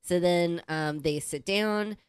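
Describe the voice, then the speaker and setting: A woman co-hosting a casual podcast, telling lively stories, acting out other people's lines and laughing often. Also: fairly low pitch, takes it slowly, smooth, no echo, clean studio sound. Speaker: podcast co-host. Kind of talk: casual chat.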